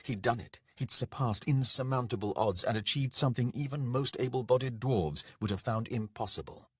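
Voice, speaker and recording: A man narrating a dark fantasy audiobook in a measured, dramatic way. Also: mid-range voice, slightly rough, no room sound, clean studio sound.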